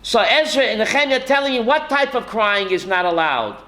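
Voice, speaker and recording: A man's voice: sits high, lively intonation, a little fast, sharp tone, rough recording. A man, a rabbi, teaching a Torah class to students, calling on them by name and quoting Hebrew sources.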